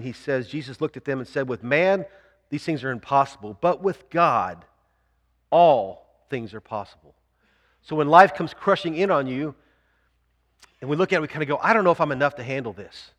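Male pastor, earnest sermon delivery with a slightly raised pitch, reverberant sanctuary sound. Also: a bit bright. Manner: earnest preaching, slows down to read scripture aloud.

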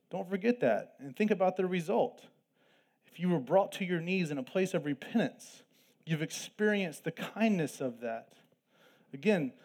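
A pastor preaching an earnest sermon, with plain asides between scripture readings. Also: male voice, a little high, darkish tone. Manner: earnest preaching with asides and quick self-deprecating jokes. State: throat tickle, coughing at times.

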